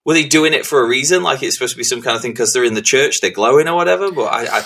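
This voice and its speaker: An English man co-hosting a podcast, chatting casually about films, animated and swearing freely. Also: mid-range voice, very fast, gravelly. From England. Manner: animated, swears freely, trails off mid-thought. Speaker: podcast co-host. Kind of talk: casual film chat.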